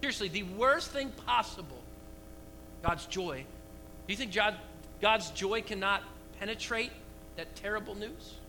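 A man preaching a lively sermon to his church, asking the congregation rhetorical questions. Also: sits high, a little slow, pauses often, slight background noise, poor audio. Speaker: pastor.

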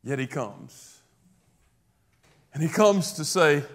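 A man delivering a sermon in a fairly high voice. He preaches emphatically, his volume climbing on key lines, then drops into casual asides to the congregation. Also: animated, slow, long pauses. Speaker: pastor.

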